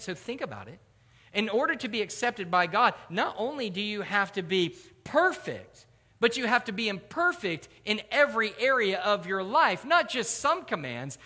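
A man preaching a sermon as a pastor, swinging between hushed, slow passages and emphatic, rising questions. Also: sits high. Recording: long hall reverb.

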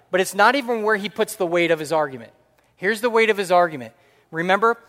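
A man preaching a sermon as pastor, animated and jokey, swinging from loud punchlines to quiet earnest points. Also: high voice, brisk. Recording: long hall reverb.

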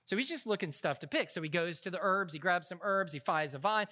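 A male pastor delivers a sermon with a high-pitched voice and a bright, forceful tone. His talk is conversational and full of jokes, and he often stumbles and restarts mid-sentence as he tells stories. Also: expressive, a little fast, hardly any pauses. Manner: humorous, conversational storytelling with frequent restarts.

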